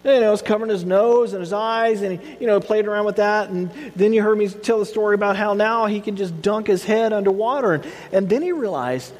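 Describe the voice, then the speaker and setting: Animated high-voiced man preaching in a reverberant hall. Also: fairly quick, hardly any pauses. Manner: animated storytelling, acts out voices of his son. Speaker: pastor. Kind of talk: sermon.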